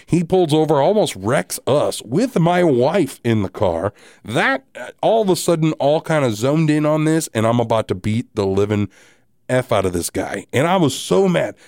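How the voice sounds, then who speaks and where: A man hosting a podcast, telling a story in a casual, animated, profane and wry way. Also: fairly high pitch, normal speed, no room sound, studio quality. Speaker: podcast host.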